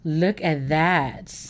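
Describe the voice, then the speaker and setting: Low-voiced and chatty, a woman from the United States runs a livestream where she enthusiastically gushes over food. Her casual talk with viewers rambles, full of fillers and self-corrections.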